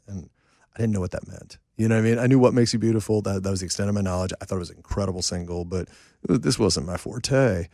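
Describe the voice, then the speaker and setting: A man who writes and produces songs, telling a rambling, lively story as a guest in a casual chat at home, full of fillers and asides. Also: on the low side, fast talker, creaky, no room sound, clean studio sound. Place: a home, indoors.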